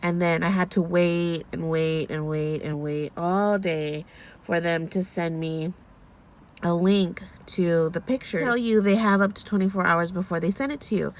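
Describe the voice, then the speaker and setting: A woman's voice: fairly low pitch, fairly even intonation, measured pace. A young woman vlogging in a casual, rambling way, often restarting her sentences and growing emotional. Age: young adult. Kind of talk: casual chat.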